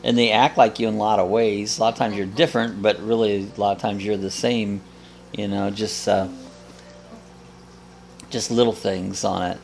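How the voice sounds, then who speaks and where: A man's voice: on the low side, flat delivery, moderate pace, creaky, a little hiss or hum. A man hosting a live coffee chat, blunt and jokey, laughing often as he reads viewer comments. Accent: American.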